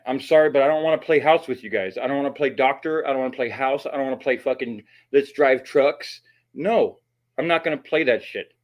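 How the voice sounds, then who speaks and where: A man hosting his channel and giving blunt, mocking commentary on a recorded call, swearing often. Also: mid-range voice. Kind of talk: profane commentary.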